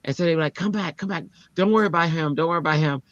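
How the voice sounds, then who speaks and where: A woman tells a story in casual chat, animated and lively. She slips into the voices of the people she quotes with sudden jumps in pitch. The sound is dry and a bit dull, like a lo-fi stream mic. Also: rapid-fire, no room sound. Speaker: teacher.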